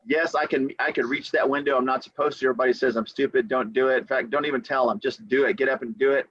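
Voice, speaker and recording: A man in the role of a real estate attorney, talking on a podcast and giving motivational advice. He tells stories with animation, acts out what people say, and repeats key phrases for emphasis. His voice is mid-pitched, dry and close, with slightly dull, lo-fi audio. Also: fast, husky, dry recording. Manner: animated storyteller who acts out quotes.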